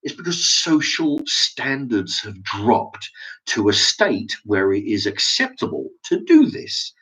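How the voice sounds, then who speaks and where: A man's voice: on the low side, very animated, takes it slowly, a bit bright. A middle-aged man with an English accent rants to camera in an opinion vlog, stumbling over restarts and swearing often. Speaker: vlogger. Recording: dull lo-fi recording.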